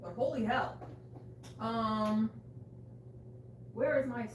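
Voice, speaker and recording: A woman's voice: on the high side, slow pace, far from the mic, slight background noise. Woman livestreamer, profane joking cook, echoey small room, mic a bit off. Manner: loud, profane and joking with chat. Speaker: livestream host cooking. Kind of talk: casual livestream cooking chat. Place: small bathroom.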